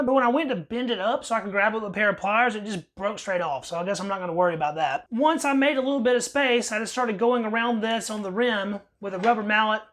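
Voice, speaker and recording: A rifle reviewer with a mid-range, slightly bright voice narrates casually over a workbench teardown, keeping up a wry, plain-spoken running commentary.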